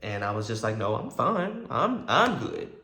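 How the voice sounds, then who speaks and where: A man tells a personal story straight to his viewers, casual and animated, acting out both sides of old conversations. His voice sits at an ordinary middle pitch. The room around him rings with a noticeable echo. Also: measured pace. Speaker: vlogger telling a personal story.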